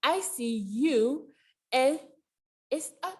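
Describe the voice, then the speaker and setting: A woman reading a picture book aloud at a library storytime, animated and sing-song, with playful animal sound effects. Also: high voice, drawn-out words. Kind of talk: children's storytime read-aloud. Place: public library.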